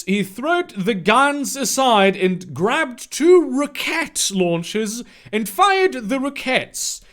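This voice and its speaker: A man reads a story aloud for laughs, stopping now and then for sarcastic, disbelieving asides. His voice is fairly high and very expressive, and he takes an unhurried pace. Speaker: channel host reading a story aloud. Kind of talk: comedic dramatic reading with commentary.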